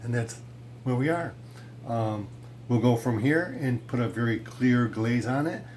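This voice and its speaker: A man teaching a ceramics how-to in a pottery studio, relaxed and chatty with many fillers. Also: medium pitch, a little slow, a little hiss or hum. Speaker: ceramics instructor. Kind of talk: casual how-to demonstration.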